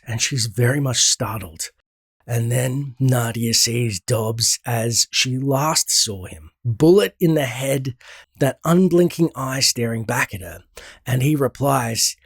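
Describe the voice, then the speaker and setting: A man recapping a comic book story in a relaxed, conversational way, thinking aloud as he goes. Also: medium pitch, normal speed, no echo, studio quality. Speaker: game lore channel host.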